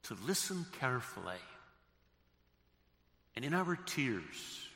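A man preaching a sermon as pastor, slow and deliberate, dropping soft and then rising to emphasis. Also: mid-range voice, very animated, creaky. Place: church sanctuary. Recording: echoey church hall.

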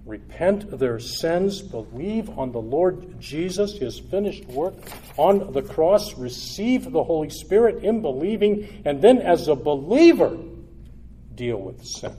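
A man preaching a sermon in an earnest, exhortative way, building to loud emphatic peaks and then dropping low and quiet. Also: very animated, measured pace, breathy edge.

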